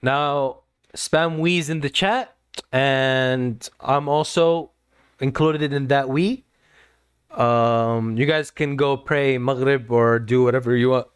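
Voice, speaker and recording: Guy streamer talking to chat, serious and preachy, says stuff twice, crisp dry mic. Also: medium pitch, slow pace, dry recording. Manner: earnest, lecturing, repeats words. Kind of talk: casual livestream talk to chat.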